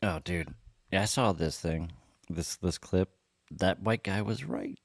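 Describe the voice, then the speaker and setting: A man's voice: deep voice, a little slow. A man on a podcast, making dry, offhand, goading jokes in casual banter. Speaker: podcast co-host.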